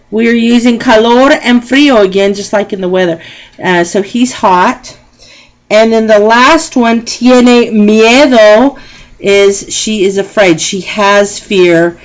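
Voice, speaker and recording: A woman Spanish teacher, explaining a lesson slowly and patiently and repeating each phrase. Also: medium pitch, rough recording. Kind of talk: recorded classroom lesson.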